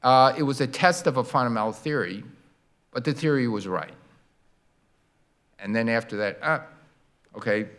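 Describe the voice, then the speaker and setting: An older man lecturing to a hall audience in an animated, storytelling way. His voice sits at a middle pitch, and he acts out sounds and demonstrations as he explains. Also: moderate pace, pauses often. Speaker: guest lecturer. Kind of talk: university public lecture.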